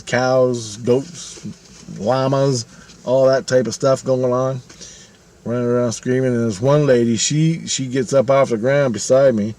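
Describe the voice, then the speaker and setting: A vlogger in his fifties tells a personal story in a casual, rambling monologue, swearing freely and retelling it animatedly. His voice is mid-range with a darkish tone.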